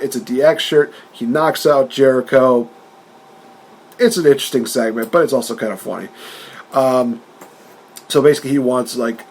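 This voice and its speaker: A man's voice: medium pitch, darkish tone. A man co-hosting a podcast in casual chat, retelling events animatedly and often laughing. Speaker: podcast co-host.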